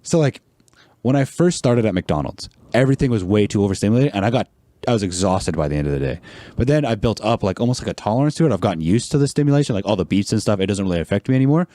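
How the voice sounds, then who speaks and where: Young guy, pitch bouncing all over, warm mellow tone, acts out little voices in his stories and keeps laughing, dry close sound. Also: lively intonation, rapid-fire, no room sound. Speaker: podcast guest. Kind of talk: casual chat.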